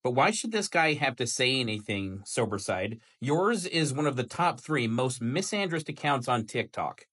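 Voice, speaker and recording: A man with a husky voice speaks straight to camera in a reaction video. He lectures with heavy sarcasm, pausing to spell out his point. His pitch sits in the middle range. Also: big pitch swings, fairly bright tone. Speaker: video creator. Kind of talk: reaction commentary.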